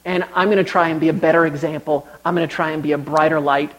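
Young guy giving a sermon, high pitched, talks like he's chatting then gets fired up. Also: fairly even intonation, fast, poor audio. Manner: conversational storytelling, rising to emphatic exhortation. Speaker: preacher.

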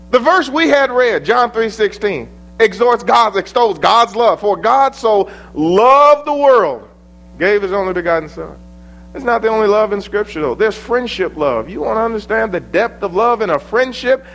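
A man preaching a sermon in a high, lively voice that swings from soaring questions to quiet, low asides. A faint electrical hum runs underneath the recording. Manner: preaching with rising emphatic questions and sudden soft drops.

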